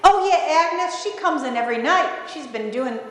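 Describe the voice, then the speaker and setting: A woman voicing a blunt but kind male diner owner, speaking in a brisk, hearty way, in an echoey hall. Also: sits high, lively intonation, fairly bright tone, voice pushed up.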